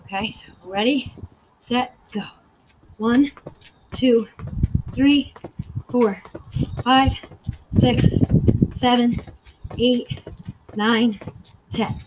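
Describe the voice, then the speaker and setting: A woman's voice: on the high side, extremely slow, pauses often, very noisy. A woman fitness instructor leading a guided workout, out of breath, counting reps aloud and encouraging.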